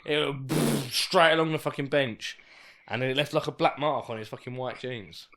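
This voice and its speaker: A man's voice: medium pitch, moderate pace, creaky. A man co-hosting a podcast, chatting casually and jokingly with friends. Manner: lively, jokey interjections. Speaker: podcast co-host. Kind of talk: casual pub chat.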